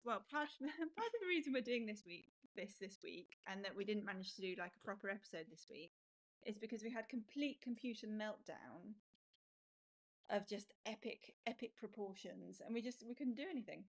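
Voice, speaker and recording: A woman's voice: mid-range voice, lively intonation, moderate pace, poor audio. A woman chats casually as co-host of a home live stream. She drops playful, self-mocking remarks and laughs easily between them. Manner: light, giggly, self-deprecating asides.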